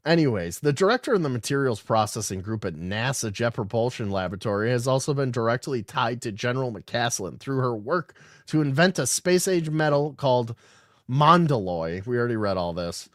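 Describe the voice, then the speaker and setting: A man's voice: mid-range voice, expressive, fairly quick. A man hosting a loose podcast, reading stories aloud and breaking off to mock them. His voice rises and falls a lot as he riffs, sarcastic and often swearing. The sound is dry and close, with no room echo. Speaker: podcast host. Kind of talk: casual live-stream commentary reading news aloud.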